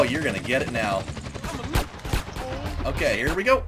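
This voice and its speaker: A man's voice: mid-range voice, big pitch swings, a little slow, long pauses, music in the background. A man hosting a let's play, telling rambling stories over gameplay and laughing often. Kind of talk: casual gameplay commentary.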